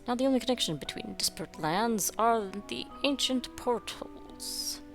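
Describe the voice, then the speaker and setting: A woman's voice: a little high, lively intonation, moderate pace, vocal fry, faint music behind. Sarcastic woman playing a video game. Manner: wry, sarcastic asides. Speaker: game streamer. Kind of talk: gameplay commentary.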